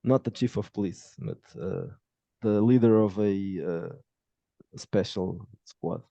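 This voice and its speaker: A man narrating a tabletop game as game master, talking in a halting way with many restarts, on dull lo-fi audio. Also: fairly low pitch, gravelly, dark tone, no echo.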